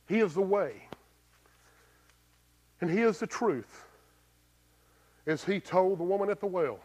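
A man preaching with a slightly raised pitch, his delivery swinging from loud, emphatic bursts down to hushed, low lines. He talks plainly and folksily, throwing rhetorical questions at his listeners. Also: animated, measured pace, pauses often. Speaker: pastor. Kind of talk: sermon.

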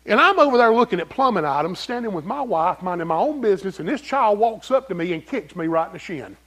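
Pastor, male, high lively voice, folksy preaching, direct questions to the pews. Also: quick pace. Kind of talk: sermon.

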